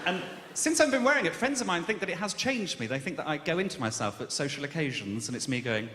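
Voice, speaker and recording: A man's voice: on the high side, expressive, quick pace. A man from Birmingham doing a stand-up comedy set, camp and self-mocking in a sardonic storytelling way. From Birmingham, England. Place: comedy club stage. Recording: echoey live room with long reverb. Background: loud audience ambience.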